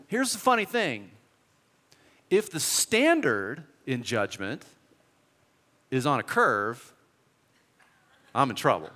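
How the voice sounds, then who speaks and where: A man's voice: medium pitch, sing-song, slow, pauses often, sharp tone. A man preaching a sermon in a church hall, telling stories animatedly and acting out quoted voices. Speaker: pastor.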